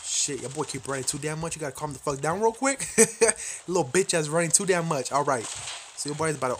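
A man's voice: a little high, animated, brisk, fairly bright tone, slight background noise. A man giving casual, profane, self-mocking commentary while playing a shooter game. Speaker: gameplay commentator.

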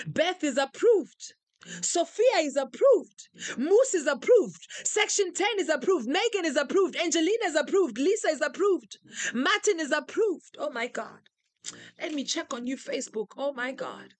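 A woman's voice: sits high, no echo. A woman preacher leading a live prayer session, fervently calling out names and declarations in rhythmic, repeated phrases. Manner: repetitive, rhythmic calls.

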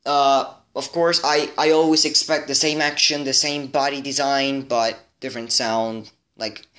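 A man's voice: medium pitch, flat delivery, a little slow, a bit bright. Guy rambling on about his toy robots to viewers, everyday mid voice, super casual. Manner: rambling, chatty, talks straight to viewers. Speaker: toy robot video maker. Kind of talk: casual show-and-tell to camera.

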